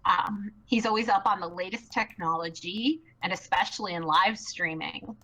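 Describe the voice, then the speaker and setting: A woman chatting excitedly on a live stream, bubbly and rambling, with many fillers and restarts. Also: medium pitch, low-quality recording. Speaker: live stream co-producer and host.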